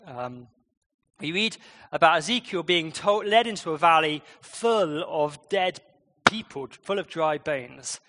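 A man preaching a conversational sermon in church, with lively changes in loudness and pace. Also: a little high, a little slow.

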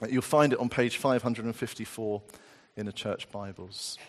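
A man preaching a sermon, reading scripture slowly and deliberately with emphatic rises. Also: on the low side, fairly even intonation. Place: church. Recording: long church reverb.

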